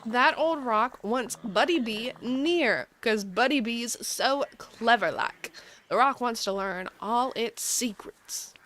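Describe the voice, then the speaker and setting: A woman voicing an excitable male cartoon tiger from a game, with a folksy Southern drawl. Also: on the high side, takes it slowly, slight background noise.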